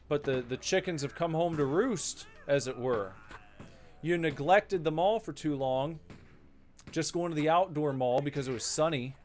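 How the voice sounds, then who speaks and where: A man's voice: a little high, moderate pace. A man casually commenting while playing a video game, rambling into wry, mock-serious rants. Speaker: gaming channel host. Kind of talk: casual let's-play commentary.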